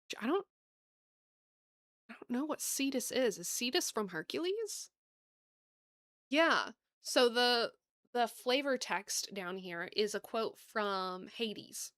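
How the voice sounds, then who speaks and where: A woman with a Southern US accent hosting a casual card-opening video, bubbly and gushing, thinking aloud and laughing softly as she talks to viewers. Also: medium pitch, no room sound, studio quality. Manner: bubbly, gasping and gushing over cute cards. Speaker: card-opening channel host.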